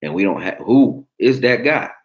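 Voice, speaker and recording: Deep-voiced blunt sports talk host. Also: male voice, expressive, normal speed. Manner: blunt, profane, joking, reacting to chat. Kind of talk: casual sports talk livestream.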